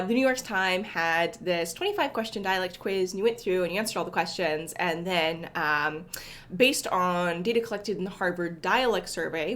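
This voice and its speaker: A young woman talks casually to her livestream viewers from her apartment, greeting them by name and correcting herself as she goes. She is a little sniffly from allergies. Her pitch rises and falls in a lively, animated way. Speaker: livestream host coding. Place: apartment home.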